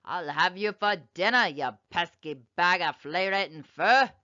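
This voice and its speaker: A woman voicing a tiny mischievous male leprechaun with a high, shrill, loud voice in a storybook reading. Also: expressive, measured pace. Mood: scolding. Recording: slightly dull lo-fi sound.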